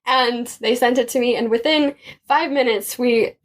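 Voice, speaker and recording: A woman's voice: fairly high pitch, fairly even intonation, moderate pace. A young woman, a podcast guest, telling personal faith stories in casual chat and laughing often.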